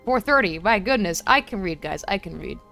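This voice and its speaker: A woman's voice: mid-range voice, expressive, fairly quick, vocal fry, sharp tone, soft background music. A woman chatting casually and joking as she streams a game from home. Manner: chatty, joking to herself and chat. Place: home room.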